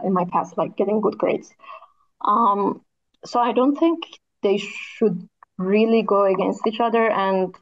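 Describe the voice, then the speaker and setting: Thoughtful woman with a tired voice. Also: medium pitch. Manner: thoughtful, with frequent "like" and "kinda" fillers. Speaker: architect and podcast co-host, guest. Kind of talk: casual interview conversation. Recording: slightly dull lo-fi audio.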